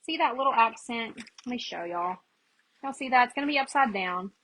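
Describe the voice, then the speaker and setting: A woman's voice: fairly high pitch, expressive, fairly quick, fairly bright tone, low-quality recording. A chatty woman, hosting a casual live crafting demo and greeting viewers by name as she works. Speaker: craft livestream host.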